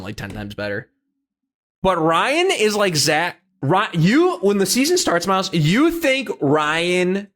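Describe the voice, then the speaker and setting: Young male podcast co-host, fairly high voice, animated, rambling recap delivery. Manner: animated storytelling with frequent "like" and restarts. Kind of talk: casual chat recapping a reality show.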